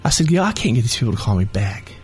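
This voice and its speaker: Husky man talking emphatically. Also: mid-range voice, very animated, rapid-fire, darkish tone. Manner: emphatic, repeats words for punch. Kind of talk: casual conversation.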